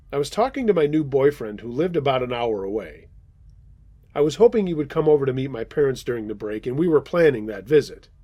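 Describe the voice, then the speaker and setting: A man with a husky, slightly rough voice reads a listener's true scary story. His pitch sits in the middle range. He narrates in a measured, dramatic storytelling manner. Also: warm tone. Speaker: podcast host reading listener stories.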